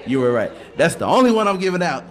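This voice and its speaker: A man co-hosting a sports talk show in loose, joking banter. His voice sits a bit high and swings widely in pitch. He laughs through his sentences and rambles when he tells a story. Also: big pitch swings, fast talker. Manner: laughs often, playful, rambling, puts on quoted voices.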